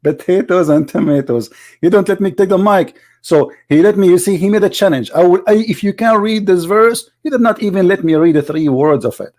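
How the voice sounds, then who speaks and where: A man's voice: high voice, a little fast, a little mellow. A man on a livestream, commenting on a debate clip with mocking, argumentative rebuttals.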